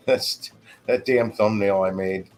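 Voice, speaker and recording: Man, lowish voice, easygoing livestream host who trails off and restarts a lot, faint music under him. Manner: rambling, halting, frequent restarts. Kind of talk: casual livestream chat.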